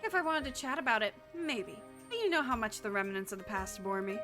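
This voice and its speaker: A woman's voice: on the high side, lively intonation, brisk, pitched below the performer's own voice, lightly acted. A woman voicing an aloof, world-weary adventurer woman who talks in a dry, bored, clipped way over game music.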